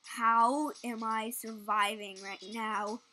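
A young woman giving excitable, casual commentary while playing a game, yelping at near misses. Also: fairly high pitch, slow, heavy background noise. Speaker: gaming channel host.

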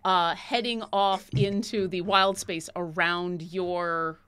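A woman with a bright, clear voice narrates a tabletop game as its dungeon master. Her delivery is lively and playful as she sets each scene. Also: on the low side, takes it slowly.

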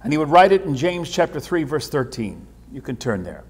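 A man preaches from the pulpit, his fairly high voice carrying a husky edge. He stumbles over repeated words and swings from hushed asides to loud bursts. A long church reverb trails every phrase. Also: very animated, brisk. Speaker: pastor. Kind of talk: sermon. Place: church sanctuary.

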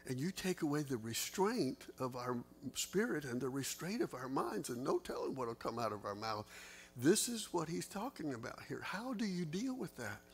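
Earnest pastor teaching Bible study. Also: male voice, sing-song, moderate pace. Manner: earnest, conversational, pitch jumps up in emphasis. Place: church.

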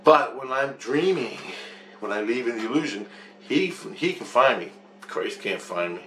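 A man's voice: medium pitch, lively intonation, moderate pace. A man telling a rambling, agitated account of his spiritual experiences, swearing often and repeating himself. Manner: agitated, profane, repetitive storytelling. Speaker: vlogger recounting spiritual experiences. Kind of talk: rambling monologue. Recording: echoey room with faint background hiss.

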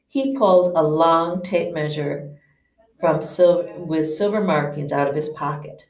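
A woman teacher reads a novel aloud in an unhurried, unpolished way, often stumbling and restarting words. Her voice is low and gravelly. It sounds distant and roomy, as if the mic sits far across a classroom. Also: a little mellow. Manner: unpolished, frequent slips and restarts. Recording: echoey room, distant mic.

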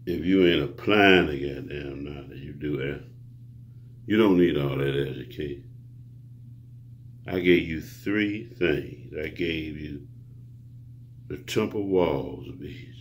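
A man's voice: very deep voice, a little hiss or hum. A man preaching a rambling monologue to his viewers, grandiose and profane, lecturing the listener. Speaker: self-styled preacher.

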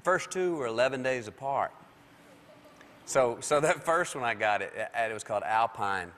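A late-night talk show guest, this man drawls through a long story on a TV studio stage, performing other people's lines along the way. He speaks in an animated, slightly bright mid-range voice at a moderate pace, amid hall reverb and faint noise.

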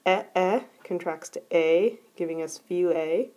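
A woman teaching a recorded grammar lesson, explaining clearly and methodically. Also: on the low side, a little slow, mellow, soft background music. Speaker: Greek teacher.

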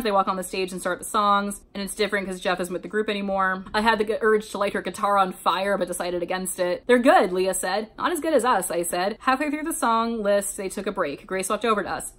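A woman's voice: mid-range voice, a bit bright. A woman reading a fan-written story aloud, breaking off for sarcastic commentary between passages. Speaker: YouTuber reading fanfiction aloud.

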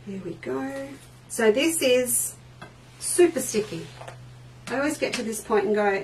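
A woman's voice: fairly high pitch, unhurried, pauses often, a little mellow, far from the mic, rough recording. A woman hosts a live crafting lesson from her studio, chatting with viewers and reading their comments aloud as she works. She speaks unhurriedly and sits a little back from the mic. A faint background noise runs under her voice. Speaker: quilting shop host.

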